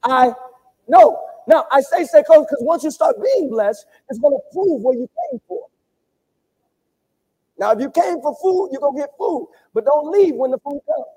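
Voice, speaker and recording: A man preaching a sermon to his congregation, repeating phrases and swinging between loud calls and hushed asides. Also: extremely high pitch, expressive, moderate pace, low-quality recording. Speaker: pastor. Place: church sanctuary.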